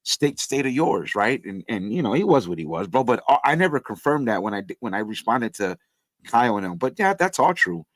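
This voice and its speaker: A man's voice: lowish voice, very animated, fast, a bit bright, no room sound. A man on a casual podcast, blunt and repetitive, calling people bro as he makes his points. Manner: blunt, repeats points, says bro a lot. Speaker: co-host.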